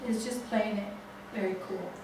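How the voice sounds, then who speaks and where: A woman leading a family constellation seminar, telling a case story slowly with many restarts. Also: medium pitch, steady tone, background noise. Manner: slow, halting storytelling with restarts. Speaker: seminar facilitator. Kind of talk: guiding a family constellation exercise. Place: seminar room. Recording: echoey room, far from mic.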